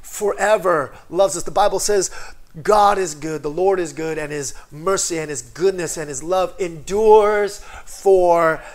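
A male pastor preaching a livestreamed sermon in a voice pitched a little above the usual for a man. He moves between loud, fervent praise and soft, chatty asides to his viewers. He leans on a constant "right?" and calls for amens. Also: a little slow. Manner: repetitive, call-and-response with many "right?" and "amen".

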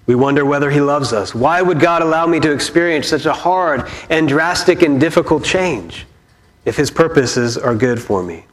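A man's voice: on the high side, normal speed. A man preaching a sermon as pastor, conversational and storytelling, posing questions to the congregation.

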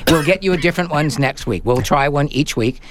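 A man's voice: fairly high pitch, a little fast, a crowd in the background. A man hosting a call-in tech radio show, chatting casually with guests and reading out listener messages. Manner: chatty, laughs easily, reads listener messages.

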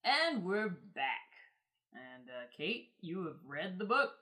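A woman hosting a podcast in casual chat, rambling and excitable, with lots of fillers. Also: fairly low pitch, takes it slowly. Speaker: podcast host.

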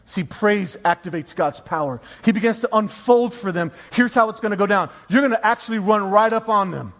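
A man's voice: high-pitched, fairly quick, a bit bright. A man preaching a sermon as pastor, emphatic and repeating key phrases for effect. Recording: long reverb of a large hall.

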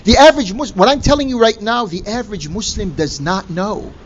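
Man, high register, emphatic religious lecturer; dull lo-fi recording. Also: brisk, slight background noise. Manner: emphatic, rhetorical questions. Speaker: Islamic lecturer.

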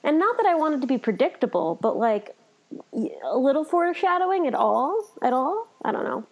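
Young female co-host, high voice, chatty and thoughtful. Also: sing-song, moderate pace. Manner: chatty, thoughtful, lots of filler. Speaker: podcast co-host. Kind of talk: casual anime review chat.

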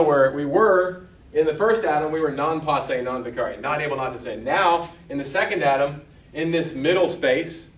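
In a mid-range, husky voice, a man teaches a church Bible class. He keeps things conversational, asks the group questions, and stumbles through pauses with ums and false starts.

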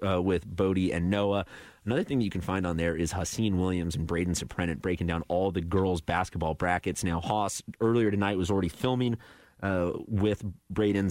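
A man's voice: sits low, no echo. A man in his twenties hosting a sports radio show in a studio, chatty and self-deprecating. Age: 20s.

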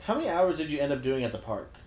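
A man's voice: on the high side, sing-song, racing, a little mellow. A man co-hosting a podcast in casual chat, cutting in with dry, teasing quips.

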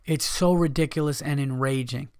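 Profane ranting comedian, dry sound. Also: male voice, medium pitch, fairly even intonation, normal speed, smooth, dry recording. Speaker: comedian podcast host. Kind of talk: casual podcast monologue.

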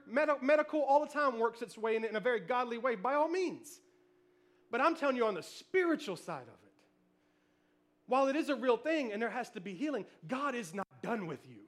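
Preaching with lively energy, this male pastor shares family stories, shouting cheers before dropping to a soft tone. His voice is very high-pitched.

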